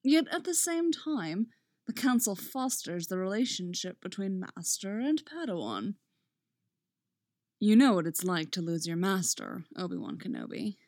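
A woman voicing a cold, menacing older male count, measured and calm, in a dry recording. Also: medium pitch, no echo.

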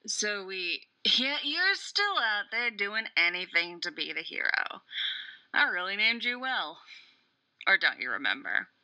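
A woman's voice: mid-range voice, sing-song, a little slow, bright, forceful tone, lo-fi sound, heavily acted. A woman doing a cocky, taunting soldier man. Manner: taunting, sing-song. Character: cocky mocking male soldier trainer.

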